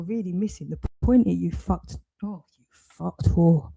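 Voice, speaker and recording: A woman's voice: fairly low pitch, unhurried, vocal fry, warm tone, slightly rough. A woman ranting furiously while reacting to a video, swearing and rambling. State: very angry. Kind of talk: angry reaction rant.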